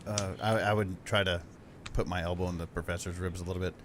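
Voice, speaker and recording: Deep-ish guy cracking crude jokes at the game table. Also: flat delivery, quick pace, slight background noise. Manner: crude, joking, swears freely. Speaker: player. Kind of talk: tabletop game play, casual.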